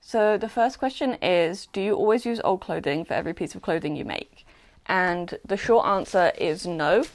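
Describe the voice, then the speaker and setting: A woman's voice: lowish voice, expressive, moderate pace, poor audio. Chatty young Englishwoman rambling casually. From England. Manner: chatty and rambling, self-deprecating, frequent fillers. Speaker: small clothing business owner. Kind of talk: casual chat while packing orders. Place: at home, sitting on a squeaky chair. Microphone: new desk mic.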